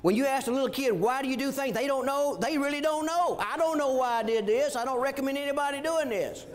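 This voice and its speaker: A man in ministry telling an animated childhood story, often chuckling. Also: very high-pitched, fairly quick. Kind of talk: storytelling testimony.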